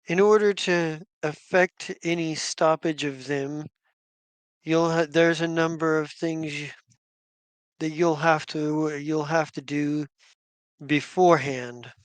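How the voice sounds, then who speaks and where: A man plays a solemn female guardian in a tabletop game, handing out advice in grave, measured pronouncements. The voice sits a little high and is delivered very slowly. The sound is close and completely dry. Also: fairly even intonation, clear, resonant tone, dry recording. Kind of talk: tabletop role-play voicing.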